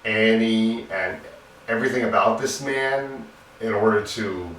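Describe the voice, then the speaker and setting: A man's voice: lowish voice, measured pace, fairly bright tone. A man giving a casual, rambling film review in an earnest manner. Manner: earnest, repetitive, loose and rambling. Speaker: movie reviewer. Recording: roomy echo, distant mic, faint hum.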